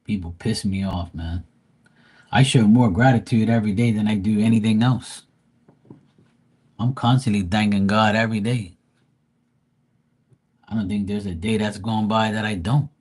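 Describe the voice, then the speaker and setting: Man, low voice, husky, blunt, profane, ranting, live stream host. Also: steady tone, moderate pace, pauses often, a little mellow. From Bermuda.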